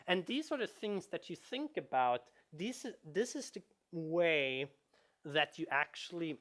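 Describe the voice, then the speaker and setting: A man, a game designer, giving a conference talk, animated and full of restarts and repeated words. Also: high voice.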